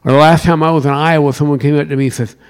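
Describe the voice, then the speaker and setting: A man with a Southern US accent from South Carolina, preaching a sermon with wide swings in pitch and loudness. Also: fairly even intonation, racing, clean tone. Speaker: pastor.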